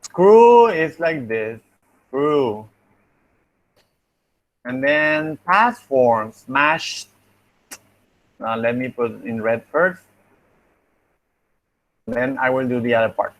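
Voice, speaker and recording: A young man teaching phonetics in English with a Spanish accent. He speaks slowly and patiently at a middle pitch, repeating each example word. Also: animated, muffled recording. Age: young adult. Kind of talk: online class feedback.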